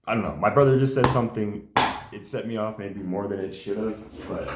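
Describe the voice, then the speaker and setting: A man's voice: lowish voice, fairly quick, very noisy. A man telling personal stories in casual conversation, rambling with many fillers. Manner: rambling, many fillers, acts out quoted dialogue. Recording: echoey room.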